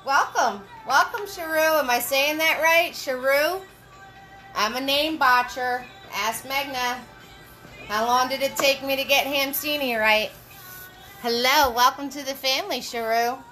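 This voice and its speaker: A woman leading a live painting lesson, chatty and encouraging, giving slow step-by-step instructions and greeting viewers by name. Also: high voice, sharp tone, faint music behind, rough recording.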